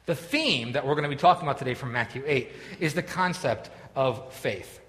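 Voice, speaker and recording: A man's voice: medium pitch, expressive, brisk, a bit bright. A man preaching a sermon in a church, telling a story with many restarts and asides. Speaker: pastor. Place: church sanctuary. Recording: long reverb of a church hall.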